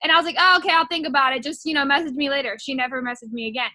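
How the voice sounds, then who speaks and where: A young woman with a high, bright voice tells her personal story. She rambles casually, full of filler words, recorded close and dry with no room sound. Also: fairly even intonation, racing, no echo. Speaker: network marketing distributor.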